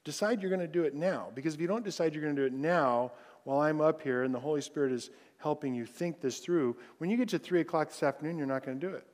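A man, a pastor, preaching a sermon in a conversational way and softening his voice to recite scripture. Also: fairly high pitch, fast, few pauses. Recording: long hall reverb.

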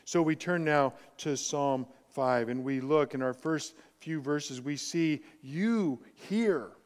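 A man preaching a sermon as pastor, emphatic, swinging between quiet and loud passages. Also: fairly high pitch, slow, in a large hall.

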